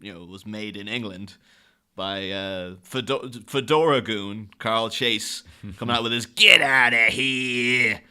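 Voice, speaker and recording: A man's voice: lowish voice, fairly even intonation, a little slow, pushed and bright, clean tone. A man co-hosting a podcast, talking about a film in a rambling, jokey way with plenty of laughs. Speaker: podcast co-host. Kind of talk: casual film chat.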